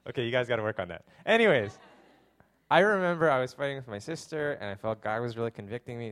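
This pastor, a young adult man, speaks at a medium pitch with a fairly bright tone and lively intonation, moving fairly quickly but pausing often. His sermon is conversational, packed with fillers and self-deprecating jokes.

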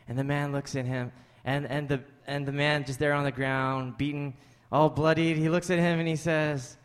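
A man's voice: mid-range voice, normal speed, few pauses, clear, resonant tone, big-room sound. A man preaching a sermon as pastor, conversational, mixing scripture with jokey asides to the congregation. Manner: conversational, jokey asides, rising animated when joking. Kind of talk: sermon with storytelling.

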